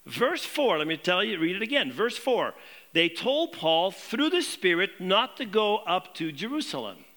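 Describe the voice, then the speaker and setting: A man preaching a sermon to his congregation, posing questions and dropping low and quiet on key points. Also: sing-song, measured pace. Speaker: pastor.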